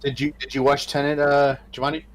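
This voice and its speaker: A man's voice: fairly high pitch, flat delivery, a little fast, no room sound. A man co-hosting a podcast, teasing his friend in casual chat.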